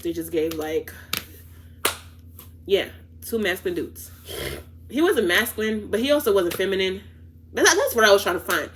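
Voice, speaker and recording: A woman with an accent that mixes African and New York sounds tells a storytime at home. Her pitch sits in the middle, and her talk is animated, full of restarts and trailing "da da da" fillers. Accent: African and New York-tinged. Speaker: vlogger telling a story. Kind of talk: casual storytime.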